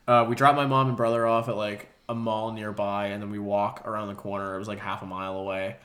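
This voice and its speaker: A man's voice: fairly low pitch, flat delivery, quick pace, a bit bright. A young man co-hosting a podcast, telling a long, rambling story in casual chat and swearing freely. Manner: acts out quoted voices. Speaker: podcast co-host.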